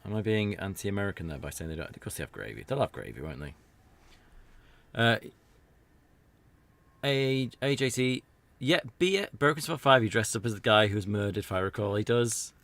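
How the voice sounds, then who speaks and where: A man's voice: fairly low pitch, lively intonation, moderate pace, creaky, fairly bright tone. A British man giving rambling, jokey commentary while playing a video game. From Britain. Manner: rambling, chatty, jokey asides. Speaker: let's play streamer. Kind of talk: casual gameplay commentary.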